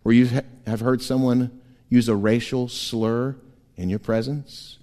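A man preaching a sermon as pastor, animated and playful, often laughing and slipping into quick voices. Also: mid-range voice. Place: church sanctuary. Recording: long church hall reverb.

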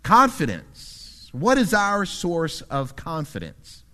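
A male pastor delivering a sermon in an earnest, measured way, building points through emphatic repetition. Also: mid-range voice, lively intonation, a bit bright.

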